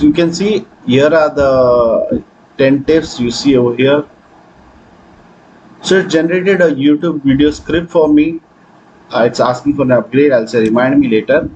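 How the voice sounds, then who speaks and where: A man hosting a software tutorial, talking through his screen with frequent hesitations. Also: on the high side, measured pace, long pauses, a little hiss or hum, rough recording. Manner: hesitant, many fillers. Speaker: tutorial host. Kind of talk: screen-recording software walkthrough.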